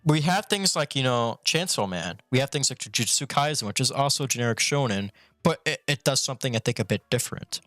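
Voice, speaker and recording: A man's voice: mid-range voice, expressive, fairly quick, few pauses, a bit bright, no echo, studio quality. A male streamer ranting bluntly and profanely in a rambling casual way, talking with a retainer in his mouth. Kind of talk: casual opinion rant.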